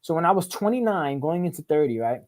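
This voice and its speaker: Man guest, rapid-fire street-slang storyteller, swears a lot, keeps saying right. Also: a little high, very animated, a little mellow. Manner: repeats and restarts words in quick bursts. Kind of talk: casual storytelling interview.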